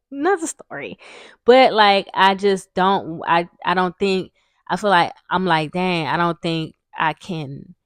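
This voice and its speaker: A woman's voice: fairly low pitch, a bit bright, no room sound. Rambling young woman, dry close sound. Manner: rambling, frank, swears freely, many fillers. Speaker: vlogger. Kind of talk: casual storytime vlog.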